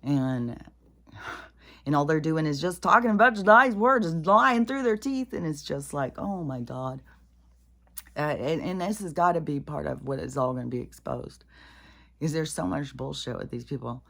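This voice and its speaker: A woman with a low voice rants in casual, exasperated talk. She swears freely, drops to muttered asides and then flares into loud outbursts. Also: animated, moderate pace, creaky. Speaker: commentator. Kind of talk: casual rant to camera.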